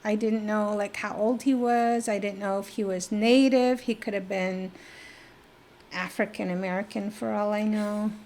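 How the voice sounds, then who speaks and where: A middle-aged woman from New Mexico, a podcast guest telling a personal story in conversation, lively and full of fillers, acting out the dialogue she recalls. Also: mid-range voice, normal speed, slight background noise. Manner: lively, acts out quoted dialogue, many fillers.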